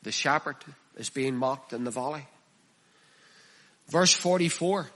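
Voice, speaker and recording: A man preaching a sermon, reading scripture aloud and expounding it with passion, his voice dropping hushed and then rising loud. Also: mid-range voice, a little slow. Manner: impassioned, swinging from hushed to loud.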